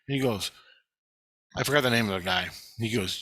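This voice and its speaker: Telling a long, rambling story of his dreams, this vlogger swears heavily and acts out what people said. He speaks briskly yet leaves long pauses, his medium-pitched voice pushed and bright with a breathy edge, recorded dry.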